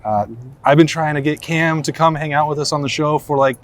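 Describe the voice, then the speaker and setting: A man's voice: on the high side, fairly even intonation, fairly quick. Upbeat joking male podcast host. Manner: upbeat, joking, long rambling questions. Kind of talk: casual sports podcast chat.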